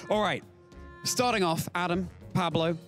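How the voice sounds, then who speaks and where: A man's voice: high-pitched, unhurried, a bit bright, soft background music. A man hosting a playful quiz segment, teasing and upbeat, and often repeating lines for effect. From Britain.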